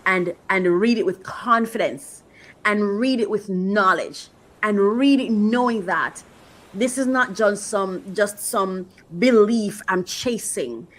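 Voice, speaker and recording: A woman's voice: medium pitch, slow pace, a bit bright, low-quality recording. A woman coach giving an emotional, motivational faith talk, repeating phrases for emphasis. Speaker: faith-based life coach.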